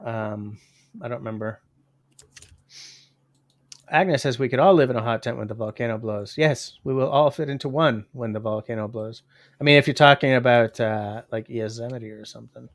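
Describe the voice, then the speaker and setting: A man's voice: mid-range voice, normal speed, dry recording. Rambling fifty-year-old man, dry sound. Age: 50s. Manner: rambling, reads viewer comments aloud. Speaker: livestream host. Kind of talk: casual livestream chat.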